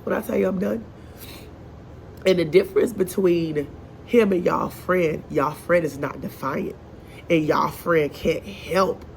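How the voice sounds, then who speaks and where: A woman's voice: on the low side, a little slow, vocal fry, a little hiss or hum. A woman, a first grade teacher, venting in a casual vlog in her classroom. She talks in an exasperated, chatty way with many asides and sounds congested and short of breath.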